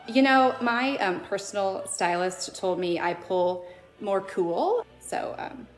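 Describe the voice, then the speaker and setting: A woman's voice: medium pitch, expressive, takes it slowly, soft background music, low-quality recording. A woman playing an awkward, hesitant, confused shopper. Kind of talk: comedy sketch acting.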